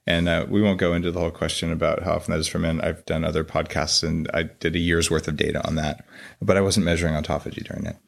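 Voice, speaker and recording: A middle-aged man hosting a podcast interview, chatting casually and joking with his guest, with frequent halting restarts. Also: low voice, flat delivery, creaky. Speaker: podcast host.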